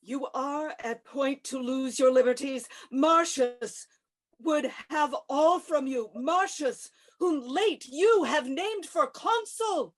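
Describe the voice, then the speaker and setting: A woman's voice: high voice, takes it slowly. A woman playing a zealous Roman tribune, speaking in an accusing, declamatory way. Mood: rousing. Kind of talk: stage play reading.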